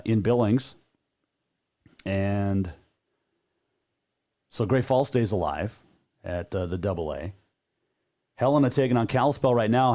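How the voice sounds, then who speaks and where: A man's voice: fairly low pitch, dark tone. A man hosting a sports talk radio show, chatting casually and rambling a bit with plenty of filler words.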